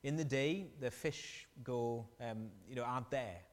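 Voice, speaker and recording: A man's voice: mid-range voice, a little slow. Man preaching in a reverberant hall. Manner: animated storytelling with questions to the congregation. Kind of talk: sermon.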